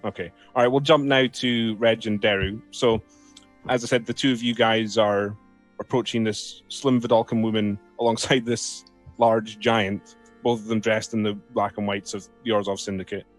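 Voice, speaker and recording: A man's voice: on the low side, fairly even intonation, normal speed, faint music behind. A man narrating as game master in an easygoing, often laughing way.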